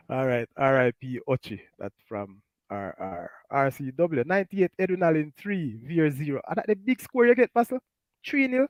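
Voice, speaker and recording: Jamaican male host, brighter voice, chatty, laughs a lot, dry sound. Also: fairly high pitch, normal speed, dry recording. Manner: laughs often, animated, Patois-flavored. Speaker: talk show host. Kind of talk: casual live-stream chat, reading comments.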